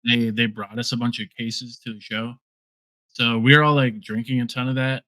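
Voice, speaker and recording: A man's voice: mid-range voice, little pitch movement, moderate pace, bright, forceful tone, no room sound. A man who is a musician guest on a podcast, recounting a story in laid-back casual chat with many hesitant fillers.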